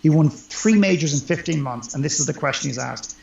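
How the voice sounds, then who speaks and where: Gravelly earnest male coach, roomy sound. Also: a little high, fairly quick, darkish tone, highs cut off, a little hiss or hum. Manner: earnest, emphatic and reflective. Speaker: life coach guest. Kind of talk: conversational interview.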